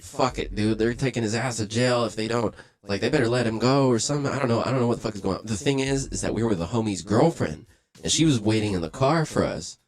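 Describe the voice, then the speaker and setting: A young man telling a story in casual, profane talk, acting out the voices of the people he quotes. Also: lowish voice. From Los Angeles. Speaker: livestream host.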